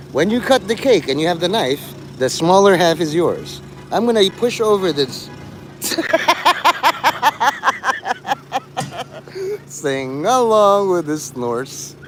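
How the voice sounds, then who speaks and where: A man's voice: on the high side, slight background noise. A man livestreaming to his chat, rambling and teasing people in crude, mocking talk.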